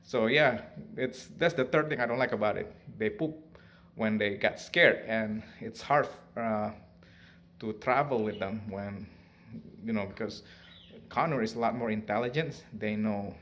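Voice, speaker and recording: Chatty man with a bright voice. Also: on the low side, measured pace, slight background noise. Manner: chatty, laughs often, coos at his bird. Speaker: pet bird owner vlogger. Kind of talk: casual talk to camera.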